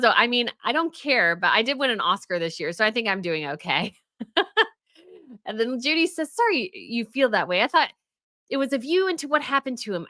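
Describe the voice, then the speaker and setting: Woman, livestream host, casual and giggly, reads viewer comments, bright tense voice. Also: medium pitch, no room sound, clean studio sound. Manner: chatty, giggly, often laughs while reading. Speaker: royal news livestream host.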